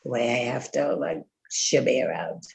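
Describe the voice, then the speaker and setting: Gravelly older woman telling a rambling story. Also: very deep voice, animated, moderate pace, darkish tone. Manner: rambling storyteller, full of fillers and quoted speech. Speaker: congregant. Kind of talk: casual chat.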